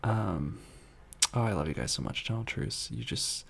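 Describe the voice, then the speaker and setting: A man hosting a soft-spoken ASMR live chat, answering viewer messages in a tender, earnest, rambling way that drifts into whispers. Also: low-pitched, expressive, normal speed, gravelly, slightly rough. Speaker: ASMR channel host reading viewer messages.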